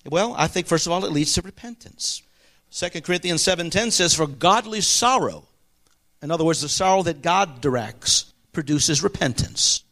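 A man preaching a sermon with emphasis, his voice rising high and dropping low, and asking the congregation for agreement. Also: expressive, moderate pace. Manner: emphatic, swings between ringing highs and hushed lows.

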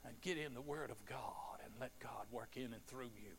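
A middle-aged man preaching a sermon, telling stories quietly and then rising to shouted fervor. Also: mid-range voice, moderate pace, vocal fry, slight background noise.

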